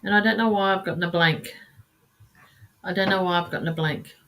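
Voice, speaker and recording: Female card reader, live stream; halting delivery, frequent sighs, endearments. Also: fairly low pitch, steady tone, a bit bright, slight background noise. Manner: calls listeners sweetheart and darling.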